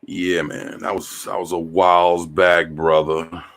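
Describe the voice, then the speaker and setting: A man's voice: low-pitched, level tone, unhurried, vocal fry, a bit bright. Laid-back, profane man in his forties. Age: 40s. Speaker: show host. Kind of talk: casual storytelling.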